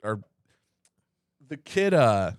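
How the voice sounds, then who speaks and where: A man's voice: lowish voice, sing-song, no room sound. Joking crude man, close dry mic. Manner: joking, crude, quick riffing with put-on voices. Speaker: movie review podcast co-host. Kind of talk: casual comedic movie chat.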